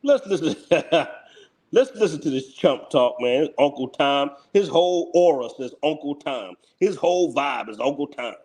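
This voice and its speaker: A male channel host delivers live reaction commentary in a blunt, heated way. His fairly high voice swings widely in pitch, and he keeps repeating his points. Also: expressive, normal speed, a little mellow. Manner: blunt, heated, repetitive, breaks into laughs.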